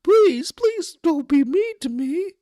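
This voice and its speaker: A man's voice: very animated, slow, dark tone, no echo, studio quality, heavily acted. A man faking a whimpering, crying plea. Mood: whiny pleading. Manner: mocking, crying falsetto. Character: whimpering man pleading not to be mocked.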